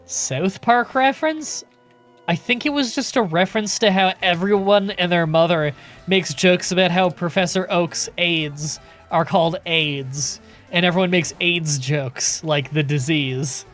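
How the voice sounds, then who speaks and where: A man streaming a game live, chatting in a relaxed, casual way with some swearing as he answers chat questions. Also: high voice, a little slow, soft background music.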